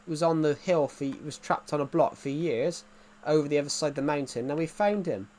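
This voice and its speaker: A young gaming livestreamer speaks fairly fast with hardly any pauses, his fairly high voice carrying a darkish tone. Chatting casually, he rambles, jokes at his own expense, and gets sidetracked easily.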